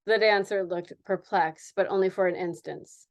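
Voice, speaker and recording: A woman's voice: mid-range voice, steady tone, normal speed, few pauses. A woman reading a novel aloud, giggling and stopping now and then to comment on her own reading. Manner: laughs often, breaks off to comment. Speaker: reader.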